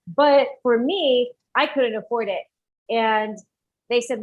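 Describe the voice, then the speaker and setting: A woman with a higher-pitched voice speaks at a moderate pace as a guest entrepreneur on an interview podcast. She tells her story animatedly, acting out what the people in it said, and the audio is dull and lo-fi.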